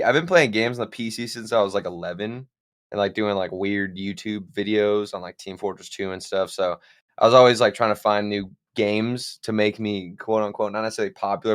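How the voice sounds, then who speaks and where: A young man chatting casually as a podcast guest, his lowish voice smooth and clear. He rambles through stories, letting phrases trail off quietly. The sound is close and dry. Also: dry recording. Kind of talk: casual chat.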